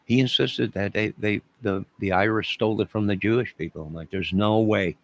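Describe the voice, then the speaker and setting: Gravelly low-voiced Southern man rambling. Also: steady tone, brisk, dry recording. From American South. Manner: rambling, jokey, talks to chat viewers by name. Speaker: live stream host reading chat. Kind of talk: casual live-stream chat.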